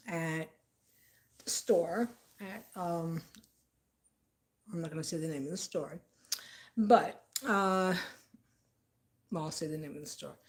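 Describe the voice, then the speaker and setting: A woman's voice: lowish voice, a little mellow. A woman telling a story in a rambling, tangential, indignant way. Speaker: vlogger. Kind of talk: casual storytelling.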